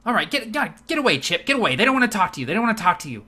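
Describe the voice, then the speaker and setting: An impatient elven bartender, higher-pitched and sharp-edged, who talks in a brusque, shooing way. A man voices him at the table. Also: very animated, rapid-fire, slightly rough, exaggerated voice.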